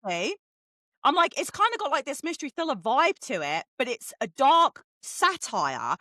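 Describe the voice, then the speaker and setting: A woman talks through a book in casual chat, swearing often and acting out little stories. Her voice sits high and swings widely in pitch. The sound is bright and dry, with no room around it. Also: moderate pace, no echo. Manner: sweary, animated storytelling. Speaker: podcast co-host.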